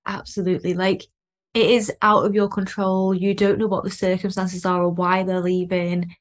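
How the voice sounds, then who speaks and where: A woman hosts a podcast in a relaxed, chatty way. She fills her sentences with "like" and laughs easily. Her voice sits at an ordinary mid pitch. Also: moderate pace. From Lancashire, England. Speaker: podcast host. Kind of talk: casual podcast chat.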